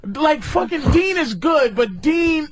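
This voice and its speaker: A man's voice: very high-pitched, big pitch swings, takes it slowly. A man, a comedian guest on a radio talk show, rambling and swearing as he restarts his thoughts. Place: radio studio.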